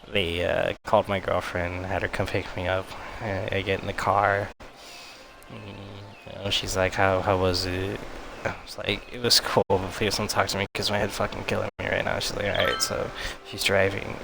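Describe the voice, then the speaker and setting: A man with a low, gravelly voice tells a story on his live stream in loose, profanity-filled talk. He acts out the moments as he goes, his voice jumping up into yelps. A steady hiss runs under the recording. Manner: profane, animated retelling with mimicked yelps.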